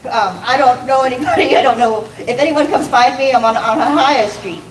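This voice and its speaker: A woman's voice: high-pitched, a little fast, a crowd in the background. A woman doing a stand-up set, self-deprecating, swearing and laughing at her own jokes. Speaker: stand-up comic. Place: comedy club stage. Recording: echoey room from far off, noisy.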